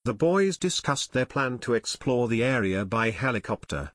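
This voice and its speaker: Male audiobook narrator, steady, mid-pitched, dry close studio sound. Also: moderate pace, few pauses, dry recording. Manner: steady storytelling. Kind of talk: scripted narration.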